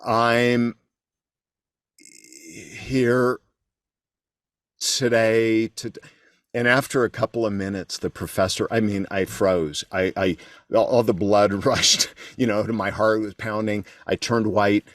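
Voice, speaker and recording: A middle-aged man, appearing as a guest and keynote speaker on an interview show, tells a candid, self-deprecating story about himself, restarting often. His lowish voice holds a steady tone at normal speed, in a dry, studio-quality recording.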